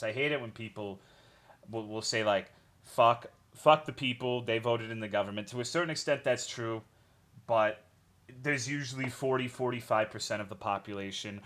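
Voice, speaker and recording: A man's voice: fairly low pitch, fairly bright tone. A young man streaming a game, chatting casually with his viewers in a rambling way, swearing often and greeting chat by name.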